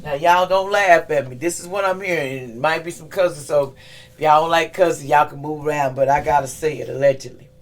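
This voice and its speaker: Woman reading tarot for her channel: loose, chatty, easy laughter, a bit low in pitch. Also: fairly even intonation, fairly quick. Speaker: tarot reader. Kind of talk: casual weekly reading vlog.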